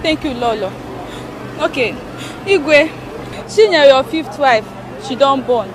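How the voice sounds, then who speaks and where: A man playing a timid, slow Nigerian messenger. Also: very high-pitched, animated, full character voice. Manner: hesitant, apologetic. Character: timid male palace messenger. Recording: outdoors with crowd and noise.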